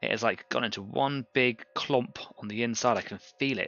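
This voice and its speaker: Bright-voiced man chatting on a live stream. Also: mid-range voice, normal speed, no room sound, highs cut off. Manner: chatty, rambling, greets viewers from chat. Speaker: host of a live painting stream. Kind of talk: casual live-stream chat while working.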